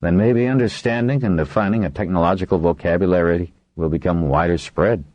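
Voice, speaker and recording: A narrator doing a deep, dry-humored weary leader. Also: male voice, fairly quick, a little mellow, no room sound, lightly acted. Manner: dry, facetious. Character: weary older man, dragonrider leader, dryly humorous.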